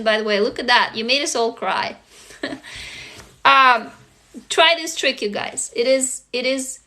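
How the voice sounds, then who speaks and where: A woman with a high-pitched, bright, forceful voice hosts a casual self-help livestream on her phone. She speaks earnestly and emotionally straight to her viewers, now and then swearing.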